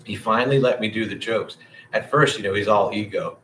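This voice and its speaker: A man's voice: lowish voice, a little fast, fairly bright tone, a little hiss or hum, low-quality recording. A man hosting a casual livestream, rambling, swearing and talking to his viewers by name. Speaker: livestream host.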